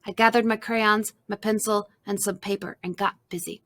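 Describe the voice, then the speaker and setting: A woman reading a children's storybook aloud, narrating softly and expressively in the first person. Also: mid-range voice, fairly even intonation, moderate pace.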